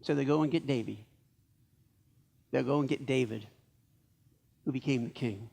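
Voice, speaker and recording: A man preaching a sermon as pastor of a church, telling stories in a lively way and acting out the lines of the people in them. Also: mid-range voice, normal speed, gravelly.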